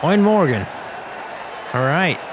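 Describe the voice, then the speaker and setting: A young man with a fairly high voice talks through a cricket video game in a chatty, self-mocking way, laughing often. The roar of a stadium crowd and steady noise sit clearly behind him. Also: measured pace. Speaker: gaming commentator. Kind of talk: casual commentary over a cricket video game.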